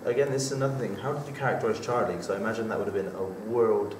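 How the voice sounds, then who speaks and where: A man interviewing an actor, asking quick, chatty questions in a casual way. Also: fairly low pitch, steady tone, over a noisy crowd. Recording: echoey room from far off, faint background noise.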